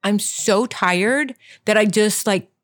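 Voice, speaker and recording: A young woman co-hosting a casual chat with her partner, laughing often and talking in quick rushes full of "like.". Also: mid-range voice. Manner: laughing, quick, self-aware, talks in rushes with many "like"s. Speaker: podcast co-host.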